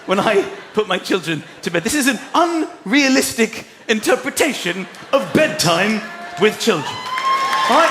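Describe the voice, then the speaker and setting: A high-voiced man tells stand-up comedy on a big theatre stage. He is very animated and breaks into exasperated shouts. Crowd laughter and room echo carry around him. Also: measured pace, background noise. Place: large theatre stage before a live audience.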